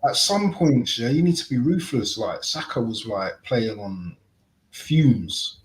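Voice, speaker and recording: A man's voice: lively intonation, slow pace, a little hiss or hum. A man co-hosting a football chat, talking passionately and casually. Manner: passionate, rises and falls sharply in pitch. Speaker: football podcast co-host.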